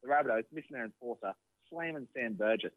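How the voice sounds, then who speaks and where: A man's voice: medium pitch, animated, fast, no echo, narrow, tinny audio. A man rattling off sports clichés as a mock field reporter on a comedy radio show. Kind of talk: mock sports-reporter spiel over the phone.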